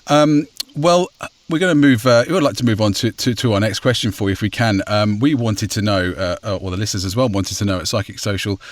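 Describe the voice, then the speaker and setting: Very low-voiced hesitant male host. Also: fast talker, no room sound. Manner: hesitant, many fillers and restarts, frequent mm-hmms. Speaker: podcast host. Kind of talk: casual podcast interview.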